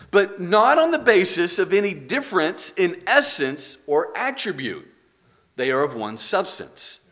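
A man's voice: on the high side, fairly bright tone. A man teaching a church doctrine class, earnest and explaining through examples and rhetorical questions. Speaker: Bible teacher.

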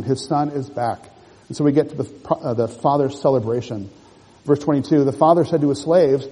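Man, preacher, earnest sermon, short phrases, husky, long hall reverb. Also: mid-range voice, mellow. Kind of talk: expository sermon reading and explaining scripture.

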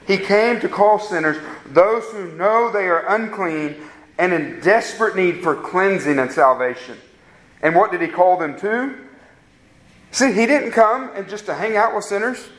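A man with a notably high voice delivers an earnest sermon, pressing his listeners with question after question. His words ring out in a roomy, echoing space. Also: animated, a little slow, a bit bright. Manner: earnest preaching with rhetorical questions to the congregation. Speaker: pastor. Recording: roomy echo.

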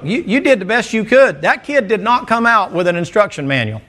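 A man's voice: high-pitched, sing-song, fairly quick, pushed and bright. A man preaching a sermon, folksy and joking, calling out to the congregation for responses. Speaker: pastor.

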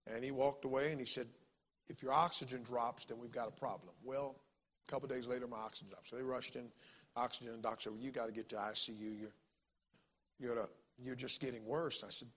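A man's voice: medium pitch, steady tone, quick pace, a bit bright, breathy edge. A man, a pastor telling a personal story in a plain, conversational way. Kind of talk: sermon testimony. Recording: long reverb in a hall.

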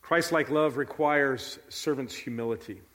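A man's voice: mid-range voice, a little slow, fairly bright tone, long reverb tail. A man preaching a sermon as pastor, earnest and emphatic, repeating key phrases.

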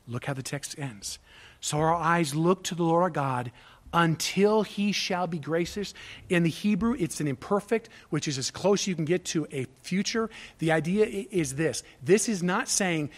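A man preaching a sermon as pastor, emphatic, swinging between loud declarations and hushed asides, asking rhetorical questions and answering them himself. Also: fairly high pitch, moderate pace.

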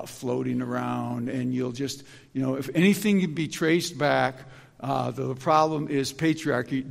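A man preaching a sermon in an animated, emphatic way, often restarting his sentences. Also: medium pitch, gravelly, long reverb tail.

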